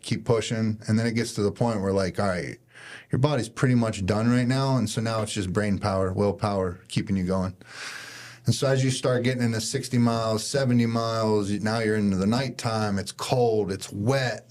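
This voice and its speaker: Man with a low voice telling his story. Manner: animated storyteller, acts out his own inner thoughts. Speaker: podcast guest. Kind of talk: storytelling in casual conversation.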